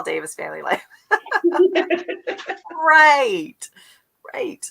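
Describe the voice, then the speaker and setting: Woman, middle-aged, from the US; livestream host; bright tone, chatty, imitates accents. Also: medium pitch, expressive, normal speed, low-quality recording. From United States. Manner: chatty, laughs often, mimics accents. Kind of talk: casual livestream chat.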